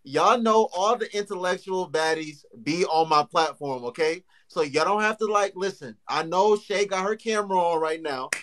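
A man's voice: high voice, normal speed, few pauses, a bit bright. A man hosting a live panel, firmly taking the floor and speaking to his chat. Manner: firm, repeats to take the floor. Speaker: livestream host.

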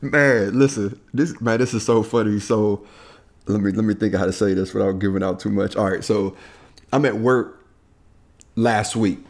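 A man's voice: on the low side, steady tone, normal speed. A young man co-hosting a podcast, telling stories in a laid-back way with laughs and casual slang. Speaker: podcast co-host. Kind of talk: casual chat.

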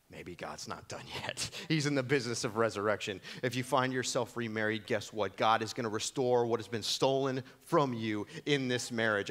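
A man's voice: lowish voice, a bit bright. Male preacher, casual storyteller, playful, does voices for the people in his anecdotes. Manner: conversational, jokey, acts out voices in his stories. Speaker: pastor. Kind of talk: sermon. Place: church.

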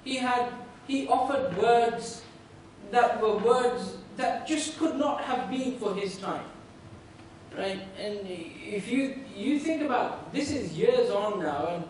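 A man's voice: extremely high pitch, animated, slow pace. A man giving a conversational sermon, telling a story and often checking in with "right?", recorded from a distance in a university room. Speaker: religious speaker. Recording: echoey room from far off, faint noise.

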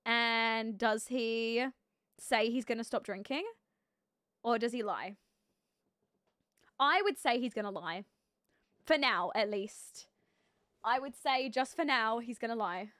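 A woman streaming a life-sim game live, chatting casually and thinking aloud, with sudden excited outbursts. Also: a little high, slow, long pauses, no room sound, studio quality. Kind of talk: live gameplay commentary.

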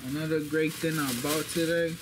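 Talking into a camera mic at home, a young man boastfully hypes up his casual vlog by repeating phrases. He speaks at normal speed in a fairly high, level voice, and the background is noisy.

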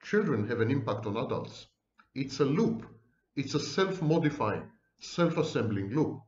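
A man who is a psychology professor, giving a lecture to camera with wry, theatrical asides and slow, deliberate emphasis. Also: mid-range voice, sing-song, a little mellow, roomy sound, dull audio.

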